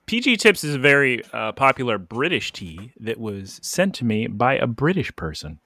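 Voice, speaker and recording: Lively bright-voiced man, casual podcast chat. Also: mid-range voice, normal speed, dry recording. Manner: rambling, jokey, lots of "like" fillers. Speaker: podcast co-host. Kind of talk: casual chat recapping an anime.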